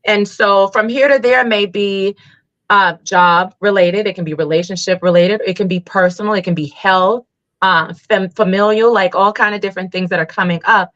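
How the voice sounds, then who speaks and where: A Reiki healer appears as a guest in a casual interview, animated and speaking with a bright, forceful mid-range voice at a moderate pace. She tells stories full of lively, acted-out quotes. The recording is slightly dull and lo-fi.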